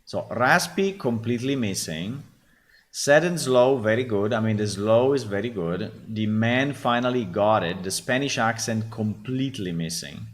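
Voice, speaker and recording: Give me a blunt man with an Italian accent giving casual stream commentary in a lowish voice. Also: moderate pace. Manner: blunt, critiques and swears freely. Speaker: game developer host.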